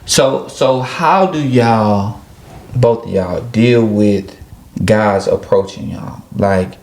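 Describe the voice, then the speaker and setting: A man's voice: fairly low pitch, takes it slowly, gravelly, darkish tone, slight background noise. Laid-back drawling male podcast guest. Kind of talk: casual chat.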